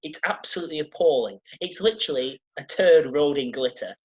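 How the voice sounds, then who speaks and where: A man's voice: a little high, expressive, brisk, darkish tone. A man hosting a casual chat, ranting with exaggerated sarcasm and plenty of swearing. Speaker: podcast host. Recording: dull lo-fi sound.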